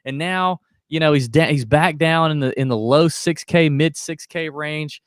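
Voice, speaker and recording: A man's voice: on the high side, normal speed, clean tone, no room sound, clean studio sound. A man co-hosting a golf betting podcast, talking in a rambling, jokey way and often breaking off mid-sentence. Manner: rambling, self-interrupting, jokey. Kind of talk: casual chat.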